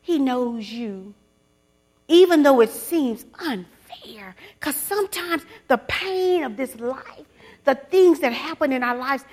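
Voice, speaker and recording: A woman giving a testimony sermon to other women. She swings from loud preaching to hushed whispers and calls on listeners to repeat after her. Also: high-pitched, animated, slow. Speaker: speaker at a women's gathering.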